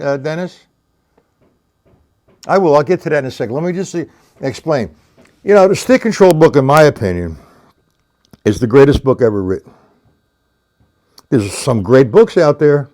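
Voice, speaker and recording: A man's voice: medium pitch, darkish tone. A man teaching drums on a live stream, chatting with viewers by name and counting rhythms aloud as he demonstrates. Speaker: drum teacher. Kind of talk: live-streamed lesson, answering chat.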